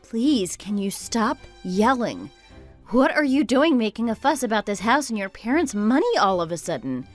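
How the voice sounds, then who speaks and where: Woman voicing a calm, measured young wife. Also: on the high side, soft background music. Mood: exasperated. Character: level-headed young wife defending her home. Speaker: narrator and wife. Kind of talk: texting-story voice acting.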